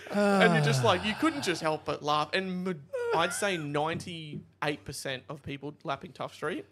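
A man with an Australian accent, a podcast co-host telling stories in casual chat, lively and animated, and loud when he quotes other people. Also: a little high, moderate pace, very noisy. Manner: animated storyteller, shouts out quoted lines.

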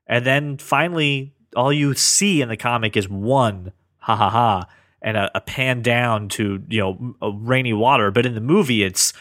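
A man co-hosting a casual podcast, talking earnestly about comics and thinking out loud with lots of restarts. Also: medium pitch, no echo, clean studio sound. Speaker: podcast co-host.

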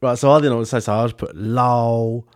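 A man's voice: medium pitch, steady tone, a little fast. Laughing British man telling a story. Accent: British English. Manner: laughing often, acts out both sides of a chat. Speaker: podcast co-host. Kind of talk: casual storytelling chat.

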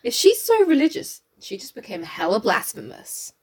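A woman co-hosts a podcast in easy, casual talk. Her voice is high and swings widely in pitch, and she laughs often and lets out groans of mock disgust. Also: huge pitch swings, normal speed, husky. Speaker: podcast co-host. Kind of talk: casual chat.

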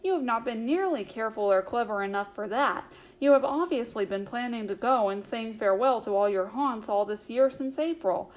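Pippin, a lively young male hobbit, teases his friend with eager cheek, as a woman reads him from a storybook. His voice runs fairly high. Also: moderate pace, hardly any pauses, close to an everyday voice. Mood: teasing.

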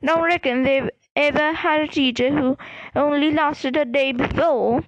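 A woman voicing a gruff, miserable half-giant man who has been drinking, speaking thickly and dully in a storybook reading. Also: sits high, steady tone, unhurried, slight background noise. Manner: thick, dull, glum speech.

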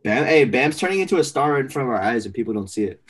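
Man, husky voice, mid-pitched, casual sports chat, opinionated, lots of fillers. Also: fast talker. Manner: animated, opinionated, trails off into fillers. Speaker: podcast co-host.

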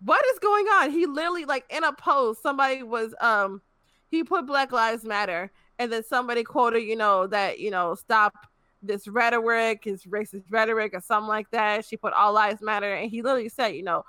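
A young woman rants in casual conversation, blunt and profane. Her voice is bright and forceful. The recording is close and dry. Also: fairly high pitch, animated, fairly quick, no echo. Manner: blunt, profane, exasperated ranting. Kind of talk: casual ranting chat.

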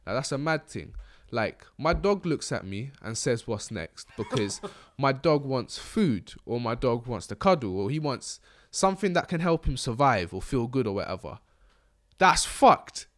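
A man's voice: medium pitch, very animated, a little slow. Slangy young man, rambling. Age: young adult. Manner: slangy, rambling, laughs often. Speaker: podcast host. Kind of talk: casual chat.

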